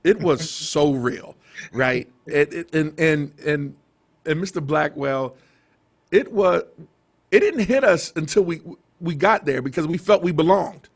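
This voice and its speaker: A middle-aged man, a TV station director, telling stories in a casual interview, animated and laughing, with many restarts. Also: on the high side, unhurried.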